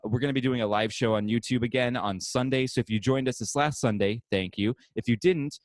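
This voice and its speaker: A man's voice: medium pitch, fairly even intonation, brisk, no echo. Laughing man hosting a podcast from home. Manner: laughs often while plugging the show. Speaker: podcast host. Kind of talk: casual chat and show plugs.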